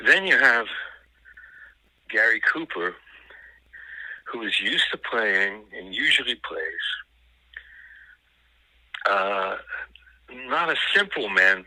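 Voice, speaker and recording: A man talking as a film critic guest in a casual film discussion, thoughtful and analytical, pausing often to find his words. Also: fairly low pitch, pushed and bright, no echo, rough recording.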